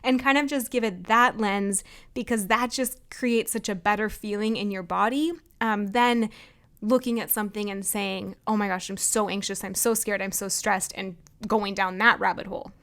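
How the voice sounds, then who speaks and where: Podcast host, woman in her 30s, smooth clear voice, chatty pep-talk delivery. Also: mid-range voice. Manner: chatty, frequent "like" and "you know", laughs often. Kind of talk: casual motivational monologue.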